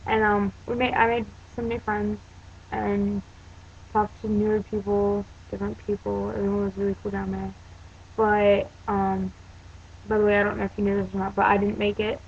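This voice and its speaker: A woman's voice: medium pitch, monotone, moderate pace, gravelly. A teenage girl from Pennsylvania telling a story to her camera in a chatty, rambling way, full of "um" and "like". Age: teens. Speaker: vlogger. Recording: dull lo-fi home video with faint hiss.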